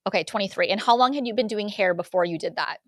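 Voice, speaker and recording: A woman's voice: mid-range voice, quick pace, no room sound. A female podcast host in a mid-range register responds to her guest with affirmation and encouragement, then leads into the next question. The recording is dry and close. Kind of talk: conversational interview.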